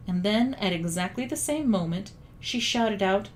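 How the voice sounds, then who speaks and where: A woman reading a children's story aloud in a calm, even storytelling manner. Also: medium pitch, moderate pace, few pauses, a little hiss or hum. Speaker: audiobook reader. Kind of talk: storybook narration.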